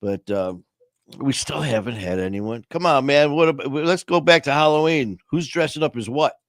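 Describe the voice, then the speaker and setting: At a moderate pace, a mid-range-voiced man chats casually on his livestream, rambling, joking corny and using plenty of fillers. Audio is studio quality with no echo.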